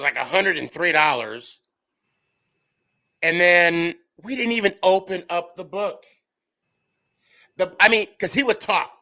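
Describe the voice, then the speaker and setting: Gravelly, bright man, animated. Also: rough recording. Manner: animated storyteller, big swings in loudness and pitch. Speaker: podcast host. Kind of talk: casual podcast chat.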